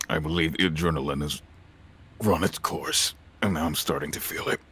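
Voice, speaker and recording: A man playing his character in a tabletop game, speaking slowly and solemnly with earnest resolve. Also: extremely low pitch, a bit bright, husky. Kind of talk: tabletop role-play in character.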